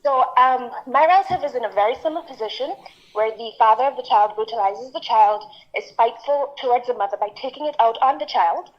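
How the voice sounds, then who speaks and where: A woman's voice: on the high side, fairly quick. Hesitant, emotional woman on a phone line. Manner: hesitant, apologetic. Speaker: caller. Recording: muffled phone call.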